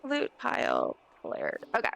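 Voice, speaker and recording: A woman's voice: a little high, wildly swooping pitch, measured pace, vocal fry, fairly bright tone. Rambling woman streamer. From Southern United States. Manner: rambling, chatty, full of fillers and restarts. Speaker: game streamer. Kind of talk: casual live-stream chat while gaming.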